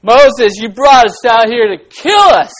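A church teacher voicing a crowd of thirsty desert wanderers who whine and complain loudly in high, shouted voices. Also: lively intonation, a little slow, lightly acted, poor audio. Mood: whining. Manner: whiny, loud, high-pitched complaining. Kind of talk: acted quote in a children's Bible lesson.

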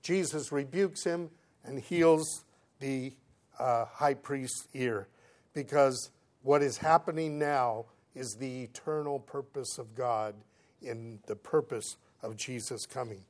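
A man preaching, reading scripture aloud and explaining it in plain conversational words, swinging between emphatic lines and quiet asides. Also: mid-range voice, slow pace. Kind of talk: Bible teaching sermon.

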